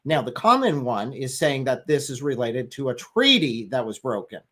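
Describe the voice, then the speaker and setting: Guy arguing his point on a live stream, pointed and emphatic, mid-pitched voice. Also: sing-song, normal speed, pushed and bright. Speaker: guest on a livestream discussion. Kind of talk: argumentative livestream discussion.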